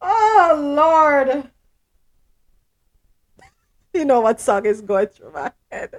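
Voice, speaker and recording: Woman, podcast host, casual chat, lively pitch, blunt, laughs a lot. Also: slow, long pauses. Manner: animated, laughs often, blunt opinions.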